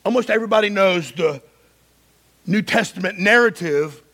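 Gravelly, high-voiced male preacher. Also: moderate pace. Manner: impassioned, swinging from loud emphasis to hushed. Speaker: pastor. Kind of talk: sermon.

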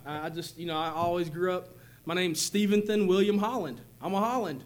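A man in his forties giving a personal testimony in church, speaking haltingly with many fillers and restarts. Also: on the high side, steady tone. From Tennessee, USA. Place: church sanctuary.

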